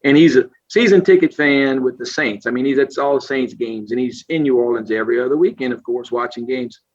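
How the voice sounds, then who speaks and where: A man's voice: medium pitch, a little fast, highs cut off. A man from South Louisiana with a Cajun accent, a podcast guest telling stories in a folksy, casual way, laughing often and acting out other people's voices. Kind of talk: casual storytelling.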